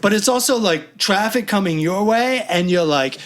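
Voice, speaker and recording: Podcast co-host, male, slightly high voice, animated raconteur who acts out every quote. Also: normal speed. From New York. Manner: animated storyteller, acts out quotes, swears freely. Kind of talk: casual chat.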